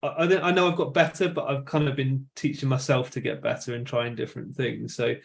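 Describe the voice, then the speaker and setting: A man's voice: mid-range voice, fairly even intonation, fairly quick, creaky. A man co-hosting a podcast, earnest and a bit self-deprecating. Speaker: podcast co-host. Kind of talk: casual chat.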